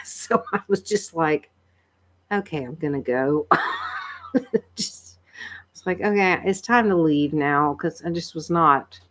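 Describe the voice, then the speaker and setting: A woman, chatting casually with viewers on a livestream, tired and a bit croaky, laughing often and rambling with fillers. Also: lowish voice, takes it slowly, long pauses, fairly bright tone. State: tired, frog in her throat. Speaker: livestream host. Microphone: computer microphone.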